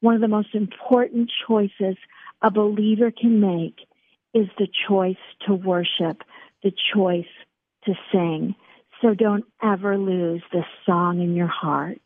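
A woman's voice: mid-range voice, steady tone, slow pace. Woman on a tinny phone line. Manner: earnest, encouraging, speaks to host by name. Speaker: author and guest. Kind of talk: faith radio interview.

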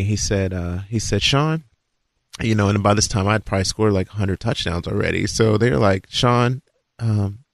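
A man telling a long, animated story about his football days, acting out his own lines. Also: dry recording, clean studio sound. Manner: animated, acts out dialogue with rising pitch. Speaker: guest recalling his football career. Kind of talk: casual storytelling.

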